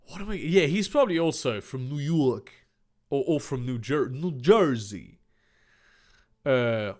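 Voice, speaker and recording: Sarcastic man doing a comedic read-through, lively and slow. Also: mid-range voice. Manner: sarcastic, mocking, stumbles over words. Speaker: channel host reading a fan fiction aloud.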